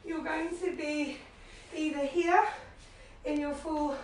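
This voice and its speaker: Breathless high-voiced woman instructor, far from the mic in a very echoey room, low-quality stream. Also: steady tone, takes it slowly, slight background noise. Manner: encouraging, cueing moves and counting reps. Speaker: fitness instructor. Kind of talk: live workout class instruction. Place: living room at home.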